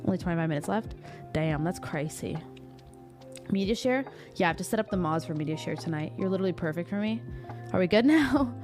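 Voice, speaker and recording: Joking woman streamer, low voice, music behind. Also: fast talker. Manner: chatty, jokey, reads out chat messages. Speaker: live streamer. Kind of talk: casual live-stream chat. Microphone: desktop streaming mic.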